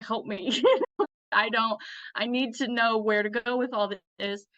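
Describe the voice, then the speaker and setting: A woman with a bright, forceful voice tells her story in a loose, animated way, laughing often and speaking bluntly. The recording is dull and lo-fi, and very dry. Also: a little high, a little slow, no echo. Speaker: guest, Western fashion influencer. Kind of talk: casual storytelling.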